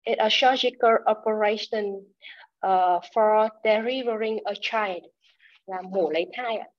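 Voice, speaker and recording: A woman's voice: mid-range voice, a little slow, recorded from a distance. A woman student with a Vietnamese accent, carefully repeating medical terms in an online class. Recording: muffled video call audio.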